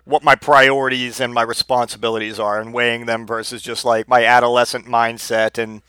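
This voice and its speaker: A man's voice: medium pitch, little pitch movement, a little fast, pushed and bright, clean tone, no echo. Rambling, cursing man in his thirties. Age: 30s. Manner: rambling, profane, repeats words. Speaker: storyteller. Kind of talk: casual personal storytelling.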